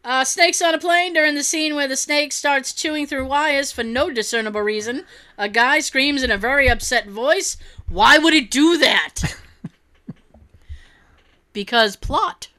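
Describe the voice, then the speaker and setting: A woman's voice: high-pitched, normal speed, sharp tone. A woman chatting casually and reading out funny stories, giggling and acting out quotes in silly voices.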